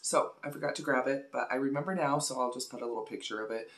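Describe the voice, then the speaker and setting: A woman's voice: rumbling low, fast, fairly bright tone. Gushing chatty woman vlogger. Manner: chatty and gushing, repeats words for emphasis. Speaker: beauty vlogger. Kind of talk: casual product review vlog.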